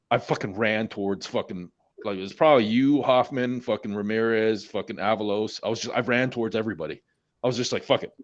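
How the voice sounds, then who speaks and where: Man, 40s, veteran. Loose, profane, rambling storyteller on a slightly muffled stream line. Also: on the low side. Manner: heavy swearing, rambling, many restarts. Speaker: Marine veteran guest. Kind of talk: casual storytelling among friends.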